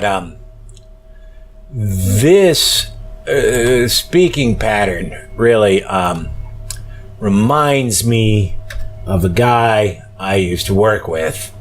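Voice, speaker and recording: A tired man hosting a solo podcast, talking slowly and rambling with many pauses and fillers. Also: on the low side. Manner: rambling, slow, full of fillers. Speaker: podcast host. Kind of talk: casual solo podcast monologue.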